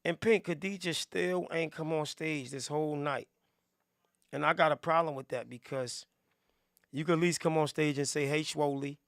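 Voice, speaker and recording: A man's voice: a little high, steady tone, normal speed, creaky, fairly bright tone, no echo, studio quality. A man hosting a live music review stream, reacting with hyped, joking commentary and talking straight to his chat. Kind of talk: casual livestream commentary.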